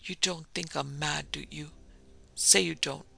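A man reading aloud, voicing a frightened young woman who pleads in a hushed, half-whispered way. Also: fairly high pitch, little pitch movement, a little slow, gravelly, soft background music, exaggerated voice. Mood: terrified.

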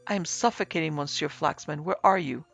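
A large, quick-tempered Frenchman bursts out in exclamations, as a male narrator puts him on. The voice is rough and gravelly, lifted slightly high, and a faint music bed plays behind the story. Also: fairly bright tone, heavily acted. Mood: agitated. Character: excitable big Frenchman, male, irritable. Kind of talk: audiobook character reading.

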